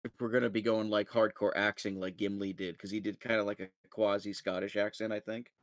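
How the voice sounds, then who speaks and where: A man playing in a tabletop game, chatting casually in an excitable, jokey way. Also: lowish voice, brisk, no echo, clean studio sound. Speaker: player.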